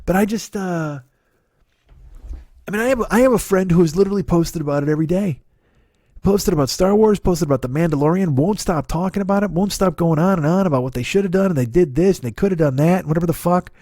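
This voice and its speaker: A man's voice: sits high, fast, mellow, dry recording, clean studio sound. A man in his forties doing a profane, ranting comedy podcast monologue, full of laughs and restarts. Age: 40s. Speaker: podcast host.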